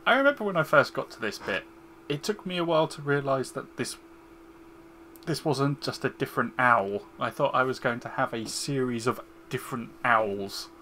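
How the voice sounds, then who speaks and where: A man's voice: mid-range voice, moderate pace, bright, forceful tone, a little hiss or hum. A man chatting casually while streaming a game, cracking jokes and poking fun at his own play. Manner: joking, self-deprecating.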